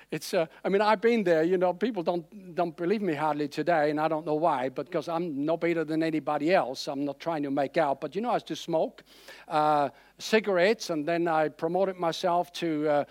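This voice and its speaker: High-voiced male preacher, dry sound. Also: no room sound. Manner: conversational, animated, many fillers. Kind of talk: sermon.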